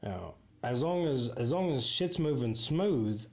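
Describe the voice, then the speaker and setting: A man hosts a podcast in casual chat. His voice sits in a middle pitch. He talks bluntly and swears freely while giving motivational pep talk. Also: animated, measured pace, darkish tone. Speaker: podcast host.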